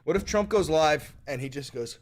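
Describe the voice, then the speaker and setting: A man's voice: on the high side, animated, normal speed. A man hosting a casual livestream, reading viewer comments and joking and swearing between bits of silly voices. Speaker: livestream host.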